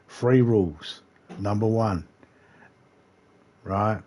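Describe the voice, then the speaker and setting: A warm, husky low voice belongs to an Australian man who speaks a little slowly and pauses often. Livestreaming a game, this streamer chats casually and rambles in a laid-back style, with some swearing now and then.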